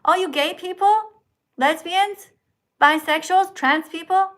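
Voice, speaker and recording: A woman's voice: very high voice, takes it slowly, a bit bright. A woman hosting a livestream, preaching and scolding her viewers in a mocking, heated way. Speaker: livestream host. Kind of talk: ranting livestream chat.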